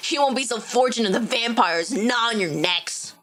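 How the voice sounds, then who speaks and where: A man's voice: extremely high pitch, moderate pace, fairly bright tone. A woman voicing a cocky young male bully with an Australian accent, in a taunting, mocking drawl. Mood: sneering. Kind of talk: game dialogue read aloud.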